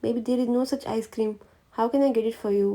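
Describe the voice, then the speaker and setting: A woman's voice: on the high side, fairly even intonation, rapid-fire, mellow, close to an everyday voice. A woman reading a story aloud, voicing a worried, protective young husband who speaks anxiously and soothingly.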